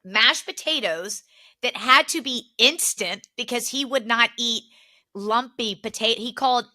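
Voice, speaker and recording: A young woman co-hosting a podcast, telling family stories in a casual, animated way, laughing often and acting out what relatives said. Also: fairly high pitch, unhurried. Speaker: podcast co-host. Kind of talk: casual chat, storytelling.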